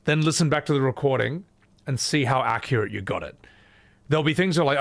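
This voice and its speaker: Male streamer, gravelly, casual and loose-tongued. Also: medium pitch, expressive, a little fast. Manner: chatty, loose, swears casually. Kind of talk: casual live-stream chat.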